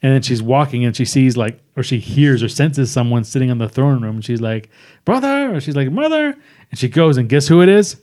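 A man in casual podcast chat, rambling as he recaps a film and slipping into characters' lines. His voice sits in an ordinary middle pitch. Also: fast talker, few pauses, warm tone.

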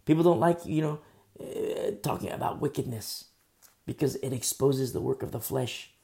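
A man's voice: medium pitch, normal speed, gravelly, dark tone. A man preaching a conversational sermon, emphatic and full of rhetorical questions.

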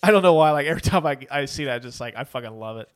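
A man's voice: on the high side, expressive, rapid-fire. A man co-hosting a casual movie podcast, rambling with many fillers and laughs. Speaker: podcast co-host. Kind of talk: casual movie review chat.

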